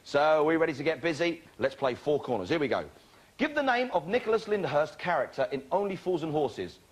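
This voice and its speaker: A man's voice: on the high side, animated, a little fast. A man hosting a television game show, joking and bantering energetically with contestants. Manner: exuberant, jokey banter with contestants. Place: television studio with live audience. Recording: loud studio audience and noise.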